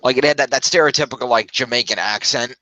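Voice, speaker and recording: A man's voice: mid-range voice, fast talker, bright, forceful tone, no echo, poor audio. A man chatting casually as a film reviewer, rambling and correcting himself as he goes. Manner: rambling, self-correcting, upbeat.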